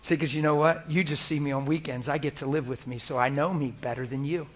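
Animated male preacher with swinging volume. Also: a little high, fast talker, a little hiss or hum. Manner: animated, swings from loud acted quotes to hushed whispers. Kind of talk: sermon.

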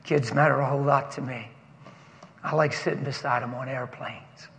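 A pastor giving an animated, emotional sermon that he breaks off to greet friends, recorded in a church sanctuary with a long reverb. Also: mid-range voice, normal speed, gravelly, a little hiss or hum. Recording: long reverb of a large hall.

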